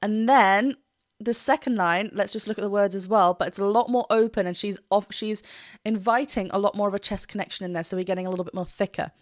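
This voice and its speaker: A woman's voice: mid-range voice, fairly even intonation, quick pace, dry recording, clean studio sound. A woman vocal coach giving a reaction and analysis commentary, explaining technique and breaking into short sung demonstrations.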